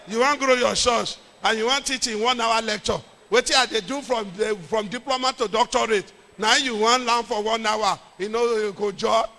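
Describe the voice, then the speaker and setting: A middle-aged Nigerian man, a pastor, telling a lively story in a sermon with jokes and pidgin. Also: extremely high pitch, long reverb tail.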